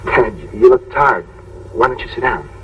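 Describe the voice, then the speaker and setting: A man's voice: medium pitch, normal speed, a bit bright, a little hiss or hum, close to an everyday voice. An actor playing a frightened young man in prison who speaks in an anxious, pleading way in an old film. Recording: old film sound, distant mic, music behind.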